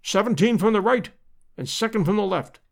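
A man voicing a brisk, hearty aristocratic adventurer in a storybook reading. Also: high-pitched, expressive, creaky, pitched above the performer's own voice. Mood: eager.

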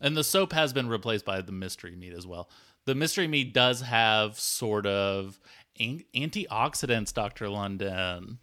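Bright-voiced male podcast co-host. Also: on the low side, expressive, moderate pace. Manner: breezy, mock-earnest banter. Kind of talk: comedy podcast chat.

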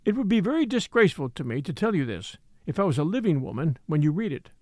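A man's voice: a little high, big pitch swings, quick pace, darkish tone, no room sound, clean studio sound. A man voicing a young female servant's solemn written confession. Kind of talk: audiobook letter reading.

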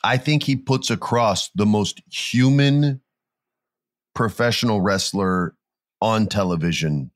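A man with a fairly low voice talks casually, swinging into animated bits where he acts out what people said. He tells stories with energy and a chatty rhythm. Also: dry recording, clean studio sound. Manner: animated storyteller, acts out quotes in jumpy voices. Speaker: podcast co-host. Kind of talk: casual chat.

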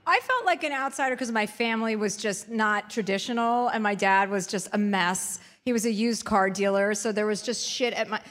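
A woman's voice: mid-range voice, moderate pace, hardly any pauses. A woman who wrote a book, being interviewed and talking frankly and casually. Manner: frank and relaxed, swears casually. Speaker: guest author.

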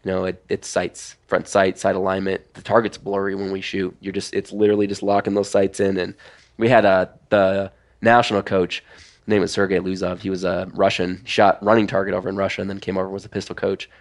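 A man's voice: low voice, fairly quick. A man, a former competitive pistol shooter, explaining things step by step in casual podcast chat with lots of "like"s. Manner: relaxed, explains step by step with many "like"s.

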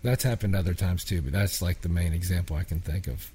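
A man's voice: sits low, fast, dark tone, breathy edge. A man from a small town in Pennsylvania, a songwriter telling rambling, filler-heavy stories in a casual interview. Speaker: songwriter guest.

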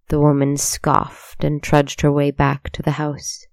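Gravelly storyteller, pretty monotone, reads steady, dry close mic. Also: medium pitch, measured pace, few pauses, no echo. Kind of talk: scripted narration.

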